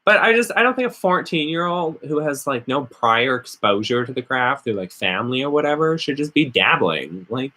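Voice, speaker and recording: A man's voice: mid-range voice, big pitch swings, normal speed, hardly any pauses, sharp tone. A man vlogging casually, rambling and sarcastic as he rants. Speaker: witchcraft vlogger. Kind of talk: casual ranting vlog.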